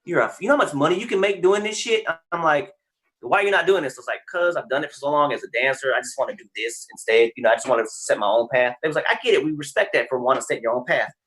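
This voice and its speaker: A man's voice: medium pitch, expressive, fast talker, a bit bright. A man from Texas, a guest on a podcast, telling stories casually and animatedly, acting out other people's lines and swearing freely. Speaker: guest, creator of the wobble dance and wrestler.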